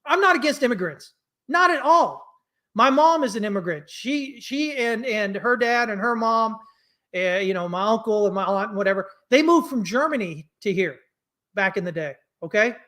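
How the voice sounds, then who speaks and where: Man, from the US, high-pitched, bright, blunt, ranting, conversational market commentary. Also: lively intonation. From United States. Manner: blunt, ranting, quick to anger; conversational, many fillers and restarts. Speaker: trading commentator.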